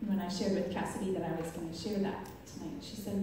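A woman's voice: on the low side, fairly even intonation, fast, dark tone. A woman giving a chatty, laugh-filled faith testimony to a live audience. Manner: chatty, laughs often at her own stories. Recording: echoey hall from far off, faint noise.

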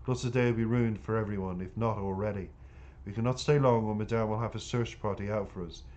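A man reading the part of a calm, self-assured teenage boy who reassures his friend in a steady, matter-of-fact way. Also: on the low side, a little fast, close to an everyday voice. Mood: reassuring. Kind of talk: audiobook character reading.

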